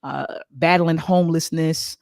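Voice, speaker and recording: A man's voice: a little high, steady tone, unhurried, vocal fry, a little mellow, dry recording, studio quality. A man in his forties hosting a live-streamed talk show, speaking emphatically, repeating his points and turning often to his guest. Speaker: talk show host and professor.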